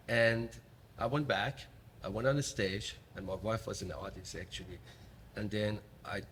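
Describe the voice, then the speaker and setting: A man from the Middle East with a Middle Eastern accent, hosting an interview and telling a story in an earnest, halting way. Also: fairly low pitch, slight background noise. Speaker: podcast host. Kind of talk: casual interview chat.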